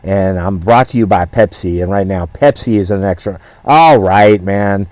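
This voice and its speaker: A man's voice: sits low, moderate pace, a little mellow, no echo. Boastful swaggering talk radio man. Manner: boastful, swaggering, profane, rambling. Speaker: radio show host. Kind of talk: brash comedic talk radio rant.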